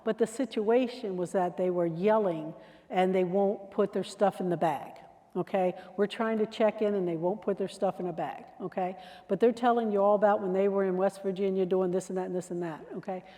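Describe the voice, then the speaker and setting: A woman's voice: mid-range voice, fairly even intonation, brisk, warm tone. A woman giving a security training presentation in a chatty, conversational way, sometimes acting out example phrases. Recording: long hall reverb.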